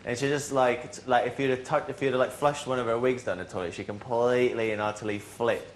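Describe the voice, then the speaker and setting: A man's voice: medium pitch, steady tone, fast talker, slight background noise. A young man, a reality show housemate, telling a funny story in casual chat, rambling and restarting as he goes.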